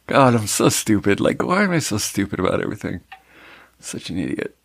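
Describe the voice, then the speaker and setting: A man's voice: lowish voice, expressive, moderate pace, long pauses, a bit bright, no room sound. A man hosting a podcast, chatting on his own while tasting a drink, rambling and mocking himself in an offhand way. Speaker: podcast host. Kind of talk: casual solo drink tasting chat.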